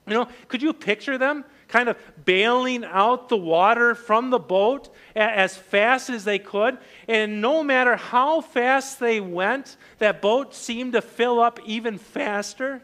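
A man giving a sermon as a pastor, talking conversationally with many fillers and restarts, lively when acting out scenes and quiet when personal. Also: slow pace, hardly any pauses. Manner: animated and loud when voicing the disciples, quiet and low when personal.

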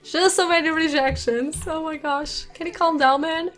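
A woman's voice: high voice, steady tone, normal speed, fairly bright tone, soft background music. A woman giving let's play commentary on a life sim game, chatty, giggling often and reacting aloud from a desk microphone. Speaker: gaming YouTuber. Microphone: desk USB microphone.

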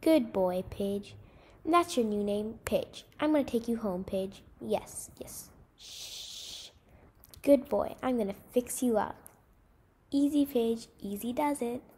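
Storybook boy, gentle and kind, soft hushed coaxing, slightly husky woman reads him. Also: fairly high pitch, animated, a little slow. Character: young boy soothing hurt pigeon, gentle.

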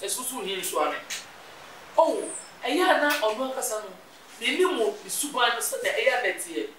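High-voiced woman gossip host, echoey. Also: expressive, normal speed. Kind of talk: gossip commentary. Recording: echoey room, distant mic, faint noise.

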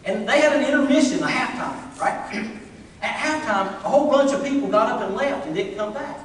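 A middle-aged man preaches a sermon from the church stage, telling funny stories with lots of animation. His voice sits unusually high. He is heard from a distance, with a long hall reverb and a faint hiss underneath. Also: fairly quick. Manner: humorous, animated storyteller. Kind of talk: sermon with storytelling. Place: church sanctuary.

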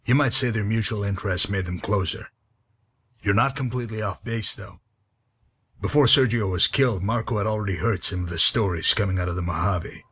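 Game NPC: man playing a husky, low-voiced, weary wasteland guide. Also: fairly quick, a bit bright. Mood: weary, dry. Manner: dry, weary, patient. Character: gruff grizzled male wasteland guide. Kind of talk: game character dialogue.

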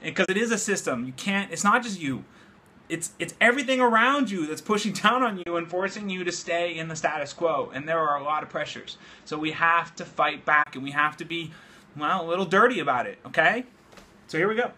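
Excitable man hosting a beer-fueled livestream. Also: fairly high pitch, brisk. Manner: excitable, loose and swearing, drinking beer while talking. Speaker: livestream host. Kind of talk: casual livestream chat. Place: home studio. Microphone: phone livestream app.

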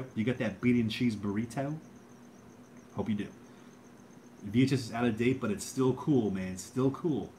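A man's voice: medium pitch, darkish tone, slight background noise. Laid-back man chatting on a livestream. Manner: laid-back, rambling, says bro and dude a lot. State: drinking beer. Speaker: livestream host. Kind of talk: casual livestream chat.

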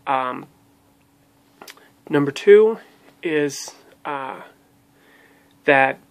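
A man's voice: mid-range voice, expressive, extremely slow, creaky. A man giving a casual spoken review of a language course, talking with many fillers and restarts. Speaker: language learning blogger.

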